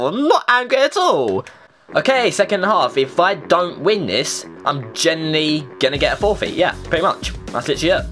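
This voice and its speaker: A woman giving live gameplay commentary, exasperated and self-mocking and quick to swear. Her low voice swings widely up and down. Faint music plays behind her. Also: lively intonation, a bit bright. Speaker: gaming channel host.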